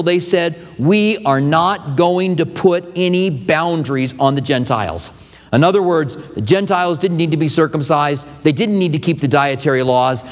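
Higher-voiced man preaching in a reverberant hall. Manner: conversational preaching with asides to the congregation. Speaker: pastor. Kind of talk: expository sermon. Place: church sanctuary.

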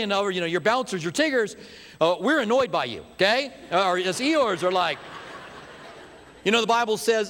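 A man preaching a sermon as a pastor, an animated storyteller who drops to hushed emphasis, heard in a church sanctuary. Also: sits high, quick pace. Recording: long hall reverb.

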